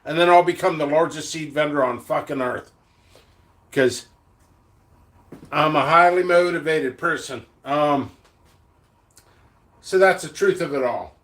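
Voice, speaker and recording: A middle-aged man rants angrily to the camera in his vlog. His voice sits high and sounds bright and sharp. He swears constantly, talks bluntly and rambles through restarts. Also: measured pace, long pauses. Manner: angry, profane ranting. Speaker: seed vendor.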